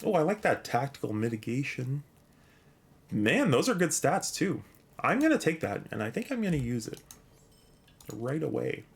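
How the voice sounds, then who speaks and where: A man's voice: medium pitch, very animated, normal speed, gravelly, pauses often. Rambling, grateful male game streamer. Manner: rambling, many fillers and restarts, reads chat and quest text aloud. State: a little out of breath. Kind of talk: casual live-stream chat.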